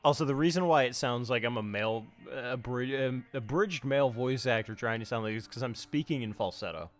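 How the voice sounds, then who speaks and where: A man's voice: medium pitch, brisk, faint music behind. A man streaming a game, swearing and laughing, sometimes reading lines theatrically. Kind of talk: casual gaming chat and dramatic reading.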